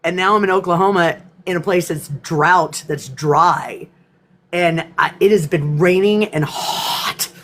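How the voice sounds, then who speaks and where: A woman's voice: fairly low pitch, a little slow. A woman from East Texas, hosting a live spiritual class in casual chat, emotional and laughing often, near tears.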